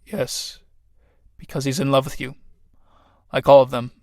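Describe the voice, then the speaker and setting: A man voicing a stern male factory director who speaks gravely and in measured phrases in a read-aloud play. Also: mid-range voice, flat delivery, darkish tone, dry recording, studio quality, natural voice.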